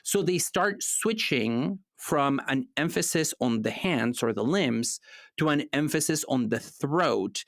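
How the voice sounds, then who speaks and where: A man talks through philosophical ideas on a podcast at a middle pitch, patient and explanatory. His voice is close and dry, with no room sound. He breaks into easy laughter as he goes. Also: animated, slow pace, fairly bright tone, dry recording. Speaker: podcast co-host. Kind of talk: casual philosophy podcast chat.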